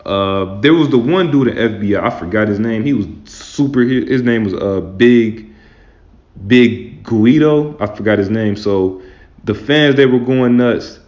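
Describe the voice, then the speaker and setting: A man with a fairly low voice gives loose, rambling fan commentary, leaning on "man" and "like" as he talks. His voice bounces around a roomy space. The recording sounds dull and lo-fi. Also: measured pace, darkish tone. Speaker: wrestling fan host. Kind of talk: casual commentary.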